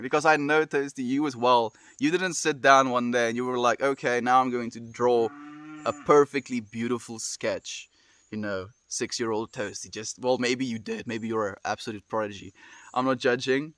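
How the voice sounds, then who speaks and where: A man's voice: medium pitch, measured pace, fairly bright tone, dry recording. Earnest young man chatting with viewers. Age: young adult. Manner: earnest, heartfelt and rambling, full of sighs and "dude". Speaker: streamer. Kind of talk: casual chat with viewers.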